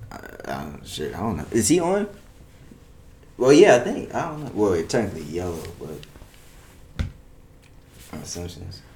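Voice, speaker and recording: A man's voice: low voice, huge pitch swings, unhurried, long pauses, a little mellow. A young man in casual chat, hesitant and laid-back, full of slang and laughter.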